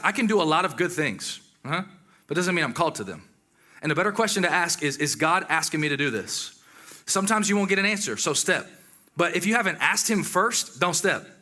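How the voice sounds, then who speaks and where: A high-pitched man preaches a sermon in a lively, conversational manner, full of exclamations and asides to the congregation.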